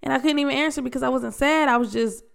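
Congested but quick, this young woman podcaster speaks in a high-pitched voice that is gravelly and smooth at once. She chats alone, candid and slangy, often restarting her sentences.

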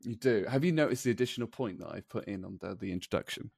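A man's voice: fairly low pitch, animated, quick pace, gravelly, a little mellow, husky, dry recording, clean studio sound. A man co-hosting a podcast in casual chat, laughing often and tripping over his words. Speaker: podcast co-host.

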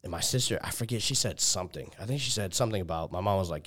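A man's voice: low voice, very fast, few pauses, fairly bright tone, husky. A young man telling a long personal story in casual chat, loaded with "like" and swearing, often acting out what people said. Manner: heavy filler "like", swears, restarts, quoted dialogue.

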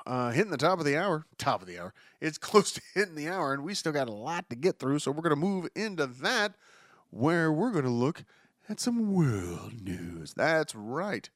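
Ranting male podcast host, lively pitch. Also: dry recording, studio quality. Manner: exasperated, profane ranting with frequent restarts. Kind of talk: casual news commentary.

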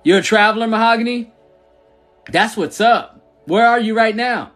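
High-voiced man, laughing casual chat. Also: moderate pace, a bit bright, faint music behind. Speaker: church founder. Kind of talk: casual livestream chat, answering viewers.

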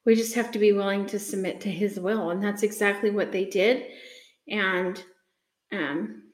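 A woman giving an unhurried, earnest devotional talk with many pauses and ums, reading scripture aloud. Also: medium pitch, steady tone. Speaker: speaker sharing a faith reflection. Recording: echoey room.

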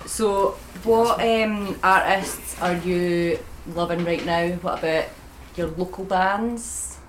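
A woman's voice: on the low side, slow, reverberant, poor audio. Female interviewer, friendly question-asker, light room noise.

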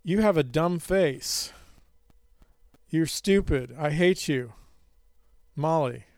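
A man's voice: a little high, expressive, slow, darkish tone, no echo. A man voicing a taunting eight-year-old girl.

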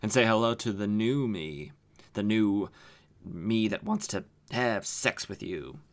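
A man's voice: on the low side, expressive, takes it slowly. A teasing, purring comic-book temptress, as a man puts her on while retelling the story. She coos her invitations in a slightly raised, playful voice. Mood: seductive. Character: seductive comic-book woman turned vamp.

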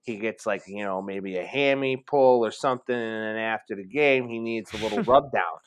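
A man's voice: lowish voice, normal speed, clear, resonant tone. Rambling, profane male sports podcaster. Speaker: podcast co-host. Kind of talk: casual sports chat.

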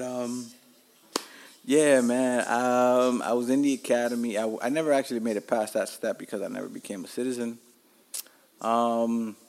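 Podcast host, man in his forties, Miami accent, loose and profane storytelling, mid-pitched voice. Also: vocal fry. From Miami, Florida. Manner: rambling, profane, frank. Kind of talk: casual storytelling monologue.

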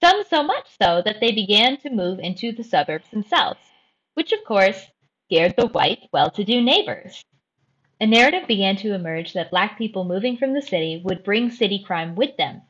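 A woman hosting a podcast and telling a true crime story in a careful, measured way. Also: mid-range voice, big pitch swings, fairly bright tone, highs cut off. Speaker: host.

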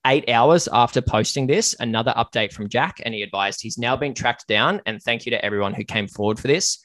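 A man's voice: mid-range voice, a little fast, fairly bright tone, dry recording. Aussie guy hosting a podcast, mid voice, dry close mic, earnest then jokey. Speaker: podcast host. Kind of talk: casual podcast chat.

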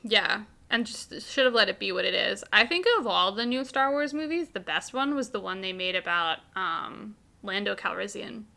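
A woman's voice: mid-range voice, lively intonation, normal speed, gravelly, hardly any pauses, bright, forceful tone. A young woman co-hosting a podcast in casual chat, upbeat and filling her talk with "like". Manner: upbeat, says "like" a lot. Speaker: podcast co-host.

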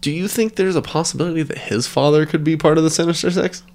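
A man's voice: a little high, fast, darkish tone, a little hiss or hum. A man co-hosting a podcast in casual chat, swearing freely and often restarting his sentences. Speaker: podcast co-host.

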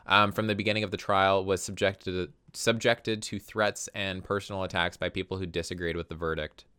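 A man's voice: low-pitched, level tone, brisk, sharp tone, smooth, dry recording. A man in casual chat who swears freely and reads articles aloud.

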